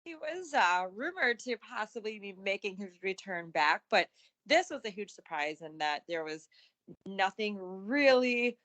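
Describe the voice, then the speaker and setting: A woman co-hosting a casual wrestling podcast, easygoing and quick to laugh. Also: mid-range voice, big pitch swings, a bit bright. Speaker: podcast co-host.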